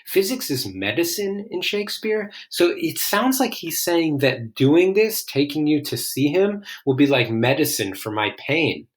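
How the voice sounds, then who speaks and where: A man reading lines from a play aloud and explaining them in plain, casual words, often musing over what he finds interesting. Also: medium pitch. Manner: reads lines then paraphrases them in plain talk, musing and curious. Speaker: literature explainer. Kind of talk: casual read-aloud with commentary.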